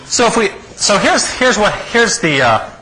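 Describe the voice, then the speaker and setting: A middle-aged man, a psychology professor, giving an animated lecture with chuckling asides and frequent "okay?" check-ins. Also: high-pitched, moderate pace, slight background noise, poor audio.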